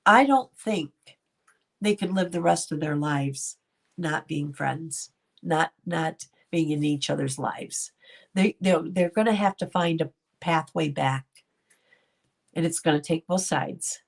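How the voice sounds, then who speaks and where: A woman's voice: deep voice, slow, creaky. A middle-aged woman hosting a casual livestream, talking to viewers by name and laughing often. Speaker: commentary channel host. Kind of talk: casual livestream commentary reading chat.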